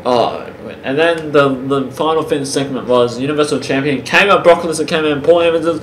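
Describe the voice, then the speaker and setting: A man casually reviewing a wrestling show for his channel, talking in a halting way with many pauses and restarts. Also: fairly high pitch, steady tone. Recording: roomy with faint background hiss.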